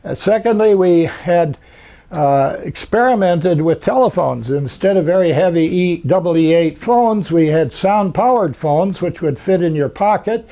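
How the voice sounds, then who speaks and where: Older man, high voice, dry humor. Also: unhurried. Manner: dry humor, rambling with fillers. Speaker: convention speaker. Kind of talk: anecdotal talk to an audience. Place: lecture hall. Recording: muffled lo-fi recording.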